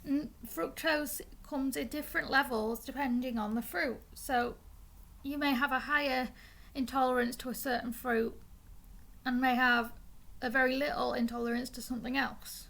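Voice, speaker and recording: A woman's voice: high voice, steady tone, moderate pace, creaky, fairly bright tone. A young woman explaining things in a casual, chatty way, often stumbling and restarting words, with the hiccups. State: has the hiccups. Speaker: vlogger.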